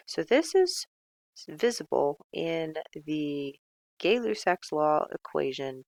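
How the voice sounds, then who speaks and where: A woman teacher explains a gas law in an easygoing, chatty way, slipping in jokes at her own expense. Her voice has a gravelly edge, and the sound is dry and close with no room around it. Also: lowish voice, no echo. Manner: chatty, self-mocking asides. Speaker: chemistry teacher. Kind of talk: casual classroom lecture.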